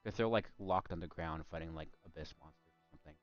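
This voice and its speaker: A man's voice: low-pitched, fast talker, no room sound, muffled recording, soft background music. A man streaming ranked matches in casual gaming chat, rambling and often trailing off and restarting mid-sentence.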